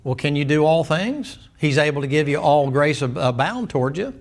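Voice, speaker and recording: Gravelly preacher guy, kinda high voice, chatty sunday school talk, keeps asking the room stuff. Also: lively intonation, moderate pace. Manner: folksy, storytelling, asks the class questions.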